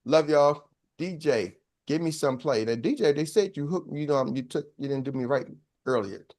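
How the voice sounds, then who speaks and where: A male sales coach speaks on a live video call through a proper microphone. His voice sits a little high for a man. His delivery is loose and joking, bursting with energy. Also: moderate pace, a little mellow. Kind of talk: casual hype talk on a live video call. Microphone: real microphone on a video call.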